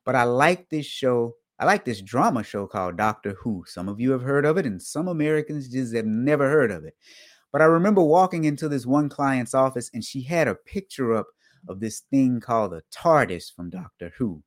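A man hosting a casual live talk show for auditors, dry in his humor, repeating his points and jumping up in pitch and volume to stress them. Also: normal speed. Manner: animated, jumps up in pitch and volume for emphasis. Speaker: host of an online show for auditors.

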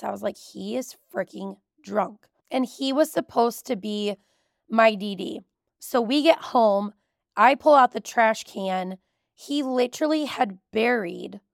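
A woman's voice: a little high, creaky, no echo, clean studio sound. A woman in her thirties, a podcast host, telling a personal story in a candid, emotional way. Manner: candid, emotional, tearful at times.

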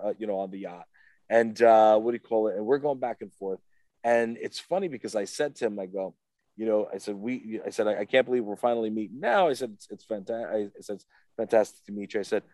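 Low-voiced man telling a rambling story. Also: a little mellow, no room sound. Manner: rambling, repeats "what do you call it?" and acts out quoted voices. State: emotional, close to tears. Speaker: interview guest. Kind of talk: casual storytelling.

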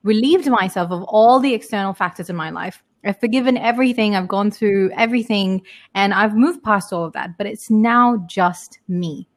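A woman's voice: medium pitch, moderate pace. A woman raised in the United Kingdom, a podcast guest speaking openly and reflectively. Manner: reflective, open. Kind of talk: casual podcast chat.

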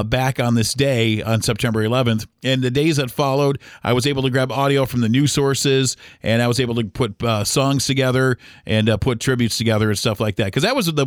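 A man's voice: mid-range voice, dry recording, studio quality. A middle-aged man from the United States hosting a podcast, telling a story in a rambling, casual way. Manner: rambling, acts out remembered dialogue. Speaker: podcast host.

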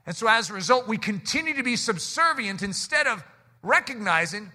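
An American pastor preaching to a congregation in a high, strikingly bright voice. His sermon is animated, rising in bursts and then sinking low and quiet for effect. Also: fairly quick. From United States.

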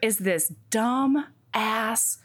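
A woman's voice: fairly high pitch, very slow, slightly rough. A young woman co-hosting a podcast, chatting casually, laughing and swearing often. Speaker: podcast co-host. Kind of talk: casual chat.

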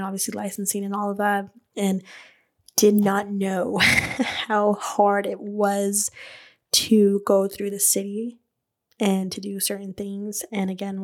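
A woman hosting a podcast, telling her own story in a casual, animated way. She fills her talk with "like", laughs often and swears freely. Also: medium pitch. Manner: chatty and animated, many "like" fillers, laughs. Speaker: podcast host and beauty business owner.

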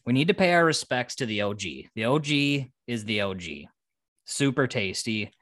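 A man's voice: medium pitch, animated, moderate pace, fairly bright tone, no echo, clean studio sound. A young man hosting a podcast, easygoing and teasing as he steers the casual chat into segments. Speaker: podcast host.

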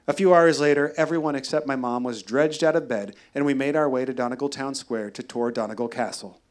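A man telling a wry, deadpan personal story at a live storytelling show. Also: mid-range voice, brisk, few pauses. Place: live venue.

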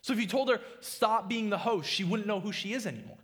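A man's voice: sits high, fast talker, a bit bright. A young man preaching a sermon as a pastor, earnest and confessional, often restarting his sentences.

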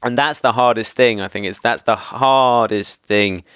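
A man's voice: mid-range voice, a little slow, a bit bright, clear, resonant tone, no echo, studio quality. An English man hosting a casual podcast chat, rambling and chummy, often laughing as he talks. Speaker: podcast host.

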